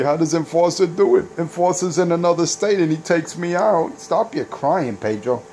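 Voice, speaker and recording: A man's voice: fairly high pitch, normal speed, hardly any pauses, a little mellow, slight background noise. A man hosting a casual CB radio video, boasting and taunting rival operators with trash talk. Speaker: CB radio operator and channel host.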